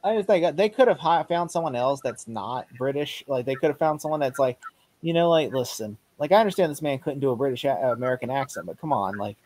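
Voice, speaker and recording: A man co-hosting a casual movie commentary, animated and quick to slip into mock impressions. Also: mid-range voice, no echo. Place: home setup on an online stream.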